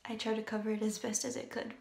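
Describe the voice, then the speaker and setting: A woman's voice: on the high side, monotone, quick pace, vocal fry, darkish tone, a little hiss or hum. A young woman with a morning voice, chatting casually and a bit hesitantly through her makeup routine at home. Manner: chatty, hesitant, thinking aloud. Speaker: beauty vlogger. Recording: echoey room, mic at a distance. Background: shower running in another room.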